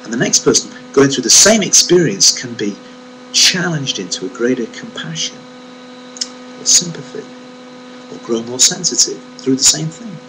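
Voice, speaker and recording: A man's voice: mid-range voice, normal speed, poor audio. A man giving a reflective devotional talk on a Bible verse, emphatic and fond of rhetorical questions. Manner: emphatic, rhetorical questions, stresses key words. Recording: steady mains hum under the voice.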